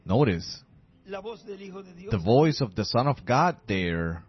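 A man preaching a sermon slowly and emphatically, repeating key phrases. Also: medium pitch, big pitch swings. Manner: slow emphatic preaching with repetition. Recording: dull lo-fi sermon recording.

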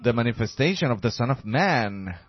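A man preaching a sermon slowly and emphatically, repeating key phrases. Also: medium pitch, sing-song. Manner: slow emphatic preaching with repetition. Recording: dull lo-fi sermon recording.

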